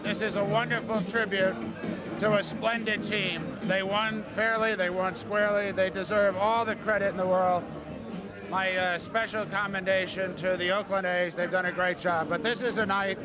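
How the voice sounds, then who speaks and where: A man as baseball commissioner making a measured, formal trophy presentation speech. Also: high-pitched, rough recording. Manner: measured, ceremonial. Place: crowded clubhouse celebration. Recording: loud crowd noise behind.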